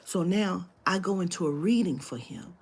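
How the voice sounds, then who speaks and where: A woman telling a story to camera, animated and profane, dropping into whispered asides. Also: lowish voice, moderate pace, slightly rough. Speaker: spiritual reader telling a story.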